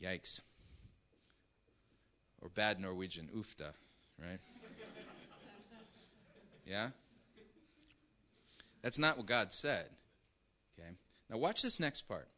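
A man's voice: lowish voice, very animated, slow, pauses often, pushed and bright. A male preacher giving an emphatic sermon, often checking in with his listeners. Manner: emphatic, keeps checking in with "right?" and "okay?".

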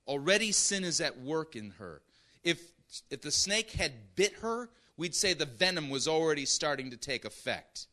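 A man's voice: fairly high pitch, big pitch swings, moderate pace, bright, forceful tone. A male preacher giving an emphatic sermon, often checking in with his listeners. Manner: emphatic, keeps checking in with "right?" and "okay?".

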